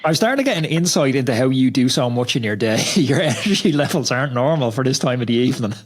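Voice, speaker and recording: A man's voice: medium pitch, animated, fast talker. Chatty Irish male podcast host. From Ireland. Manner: chatty, anecdotal, laughs easily. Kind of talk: casual chat and storytelling.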